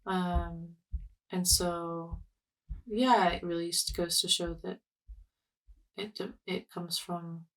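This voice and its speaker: A young woman artist talking through her thoughts, halting and searching for words with many fillers and restarts. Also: fairly low pitch, level tone, recorded from a distance, rough recording. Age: young adult. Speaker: artist, podcast guest. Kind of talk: reflective casual conversation.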